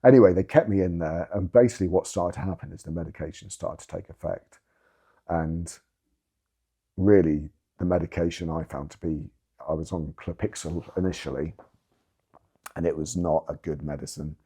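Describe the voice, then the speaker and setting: A man's voice: sits low, moderate pace, warm tone, slightly rough. A man, giving candid personal testimony in an interview, earnest and emphatic, swearing for emphasis. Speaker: interviewee sharing his story.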